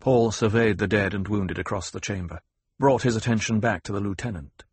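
A man narrating an audiobook in a steady, measured way. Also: fairly low pitch, slightly rough, no room sound. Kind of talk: scripted narration.

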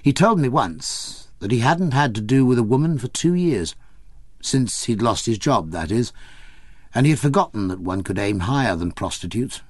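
A man narrating an audiobook in a measured, wry storytelling manner. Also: medium pitch, lively intonation, no echo.

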